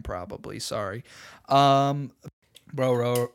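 A man's voice: medium pitch, steady tone, normal speed, clear, resonant tone. A man co-hosting a podcast, tipsy and crude, laughing often through casual chat. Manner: laughs a lot, crude and joking. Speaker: podcast co-host. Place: bedroom.

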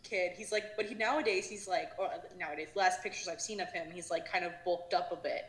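A woman's voice: lowish voice, fast talker. A young woman co-hosting a casual podcast, chatty, full of fillers, swearing and acting out quotes. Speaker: podcast co-host. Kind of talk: casual chat recapping a reality show. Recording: roomy echo.

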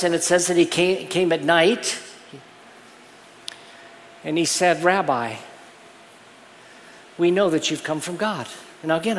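A man preaching a sermon as pastor, earnest and explanatory, often restarting his phrases. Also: high voice. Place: church sanctuary. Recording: long reverb of a church hall.

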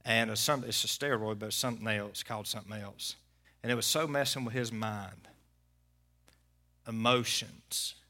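A pastor delivers a sermon with a folksy story, swinging between loud preaching and hushed talk. His voice sits on the low side, with a steady tone and normal speed.

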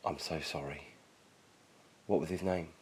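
A man's voice: very deep voice, steady tone, measured pace, a little mellow, slight background noise. Blunt young woman survivor, put on by a man. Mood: gentle.

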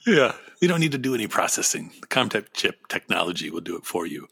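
A man co-hosting a loose, comedic chat. His lowish voice is gravelly and a bit husky, yet bright in tone. He riffs on absurd ideas and laughs often. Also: very animated, fast talker. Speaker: podcast co-host.

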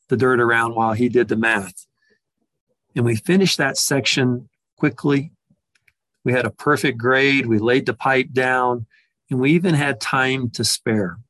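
A man's voice: mid-range voice, fairly bright tone, dry recording. A man telling a personal story in a reflective way, often restarting and repeating words as he goes.

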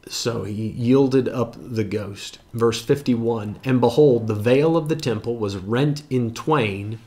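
A man teaching through a Bible passage verse by verse, conversational, with asides to his listeners. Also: on the low side.

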